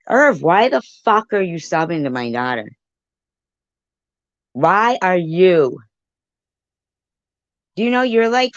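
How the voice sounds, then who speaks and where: A woman's voice: on the low side, dry recording. A woman livestreaming a heated, profane rant, snapping back at people in her chat. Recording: dull lo-fi stream audio.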